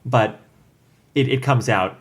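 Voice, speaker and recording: A man's voice: mid-range voice, takes it slowly, slightly rough. A man co-hosting a casual podcast, summarizing a story with hesitant restarts and fillers. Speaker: podcast co-host. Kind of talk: casual podcast chat about fanfiction.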